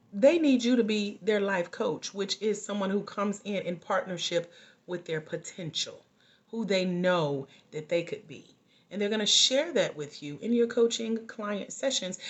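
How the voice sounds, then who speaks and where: A woman life coach trainer, talking casually and sassily at home to viewers, with lively preachy asides. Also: mid-range voice. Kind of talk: casual livestream talk.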